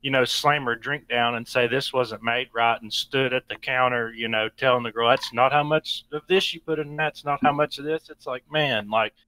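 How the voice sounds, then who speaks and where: A man's voice: mid-range voice, moderate pace, hardly any pauses, no room sound, rough recording. A man as a podcast guest, talking casually and filling with like and you know. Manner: relaxed, many likes and you knows. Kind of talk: casual chat.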